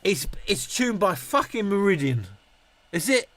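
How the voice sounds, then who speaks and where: A man's voice: high-pitched, very animated, a little slow, fairly bright tone. A tipsy middle-aged man, rambling, swearing and laughing as he answers viewer comments on a live stream. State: tipsy from drinking. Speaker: YouTube reviewer on a live stream.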